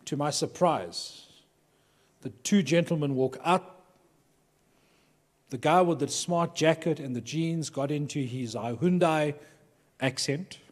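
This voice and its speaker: A man's voice: on the high side, darkish tone. A man from Durban, South Africa, telling humorous anecdotes to a live audience of pastors and acting out the people he quotes. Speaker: workshop speaker to pastors. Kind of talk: storytelling talk to a live audience. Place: large hall with an audience. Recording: long hall reverb.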